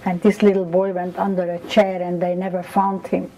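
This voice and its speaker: A woman's voice: fairly low pitch, moderate pace, a little hiss or hum, poor audio. An older woman, recounting memories in an oral history interview and acting out the people she quotes. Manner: animated storytelling, acts out quoted voices.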